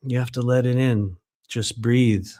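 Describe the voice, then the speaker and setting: A man's voice: medium pitch, fairly even intonation, warm tone, no room sound, clean studio sound, lightly acted. Fields: Figure: creepy sing-song woman voiced by a man. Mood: creepy, coaxing. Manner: slow, drawn-out, sing-song delivery.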